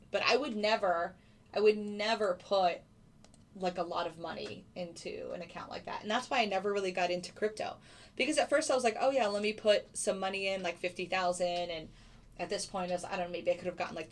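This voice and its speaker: Chatty woman hosting a live stream. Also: mid-range voice. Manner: chatty, answers viewers by name. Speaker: livestream host. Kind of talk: casual livestream chat.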